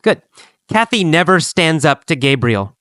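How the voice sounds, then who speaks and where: A man teaching an English lesson, speaking slowly and deliberately and repeating phrases for learners to copy. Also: a little high, sing-song, fairly bright tone, no echo. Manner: slow, deliberate, repetitive drilling.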